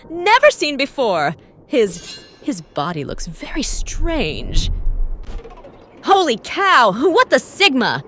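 A woman hosting a reaction video, giving excited commentary full of dramatic gasps and exclamations. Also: unhurried, faint music behind. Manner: dramatic gasping exclamations, swooping from squeals to low murmurs.

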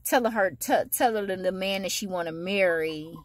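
A woman vents at home in a heated, profane monologue full of blunt slang. Her voice swings up into loud, high-pitched bursts, and the sound is dry and close. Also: moderate pace, no echo. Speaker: vlogger. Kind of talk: ranting monologue to camera.

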